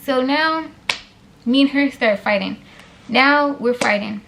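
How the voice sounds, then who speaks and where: A young woman casually telling a story on her vlog, animated and blunt with plenty of swearing. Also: high-pitched, slow pace, gravelly, noisy background. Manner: animated, blunt, heavy profanity.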